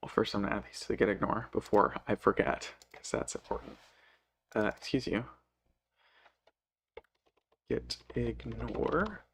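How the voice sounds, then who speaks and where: Slow, muttering man thinking aloud. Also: fairly low pitch, creaky, a little hiss or hum. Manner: hesitant, self-correcting, muttering to himself. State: sleepy, yawning. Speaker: programmer live coding. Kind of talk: thinking aloud while coding.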